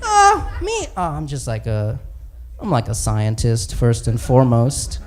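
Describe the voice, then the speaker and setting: Brief: comedian putting on a rambling, apologetic big green hero, low, halting, filler words everywhere. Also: male voice, wildly swooping pitch, some chatter behind. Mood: sheepish. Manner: mumbling, hesitant, full of "uh" and "like". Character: sheepish, rambling giant green hero in human form, male. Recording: noisy live stand-up recording.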